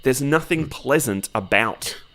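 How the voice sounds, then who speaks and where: A man co-hosting a casual film podcast, talking in an animated, emphatic way and swearing freely. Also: mid-range voice, unhurried, vocal fry. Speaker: podcast co-host.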